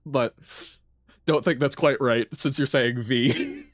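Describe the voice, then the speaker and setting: A man's voice: mid-range voice, slow pace, no echo. A man streaming a video game, chatting casually and reading chat aloud with frequent giggles. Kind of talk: casual gameplay commentary.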